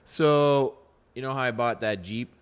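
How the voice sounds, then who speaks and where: A man in his thirties hosting a podcast, chatting casually and retelling a story with lively quoted dialogue. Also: mid-range voice, unhurried, smooth. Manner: storytelling, animated retelling of conversations. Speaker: podcast host. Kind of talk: casual chat.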